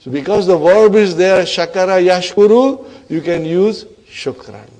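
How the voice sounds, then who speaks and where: A man teaching an online Arabic grammar class, encouraging his students and often checking in with a quick "huh?". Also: high-pitched, animated, a little mellow. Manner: addresses students as brothers and sisters.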